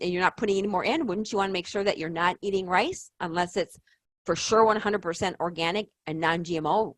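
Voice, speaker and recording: Rambling, emphatic woman, low voice. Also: no echo. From United States. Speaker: health channel host. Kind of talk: casual health talk.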